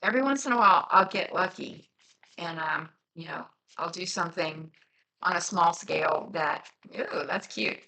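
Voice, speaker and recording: Her voice sits on the low side, gravelly and sharp, moving at an ordinary pace over a low-quality recording. She's a woman from the Cincinnati area just across the Ohio border, a journaling crafter whose easygoing vlog chatter wanders, leans on fillers, and has a slight Southern twang.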